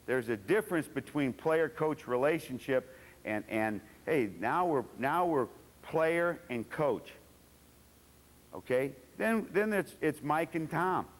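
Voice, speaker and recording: A man's voice: on the high side, animated, slow pace. A man lecturing as a football coach at a clinic, blunt and profane, acting out his players' voices. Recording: long reverb of a lecture hall.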